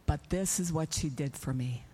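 A middle-aged woman giving an animated testimony in a church service, acting out her own prayers and conversations. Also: sits low, normal speed, breathy edge.

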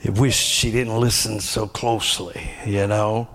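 A middle-aged man preaching a sermon, swinging between emphatic high bursts and quieter personal asides. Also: steady tone, measured pace. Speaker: pastor.

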